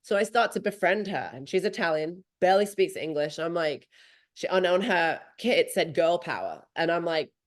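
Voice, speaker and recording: Animated woman telling a race story. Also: fairly low pitch, normal speed. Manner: animated, swearing freely, acting out her own thoughts. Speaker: podcast host. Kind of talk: casual storytelling chat.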